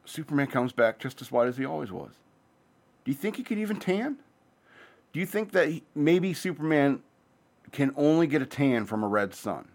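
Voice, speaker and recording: A man hosting his own show, talking in a loose, rambling, profane monologue that jumps between topics. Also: medium pitch. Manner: says he talks fast. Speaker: podcast host.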